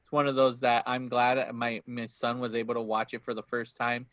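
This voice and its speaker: A man's voice: mid-range voice, completely flat delivery, normal speed, a bit bright, no room sound, studio quality. A man in his thirties chatting casually about a movie, acting out lines and laughing often. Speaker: podcast co-host. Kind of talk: casual movie review chat.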